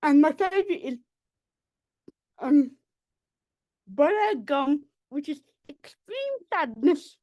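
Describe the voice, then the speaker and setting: A woman from the Black Country in England, reading her own poems in a measured, deliberate way over a video call. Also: sits high, animated, dull audio. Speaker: poet. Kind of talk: poetry reading.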